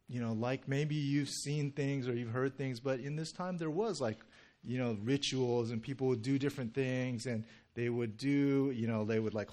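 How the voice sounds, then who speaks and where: A young male pastor giving a casual, conversational sermon, full of "you know" and "right?", joking with the congregation. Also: mid-range voice. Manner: chatty and animated, heavy "you know" and "right?" fillers, jokes with congregation.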